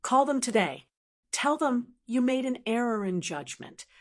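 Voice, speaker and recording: A woman's voice: on the high side, sing-song, unhurried, pitched above the performer's own voice. A woman voicing a stern female corporate boss who speaks in a clipped, cold and threatening way.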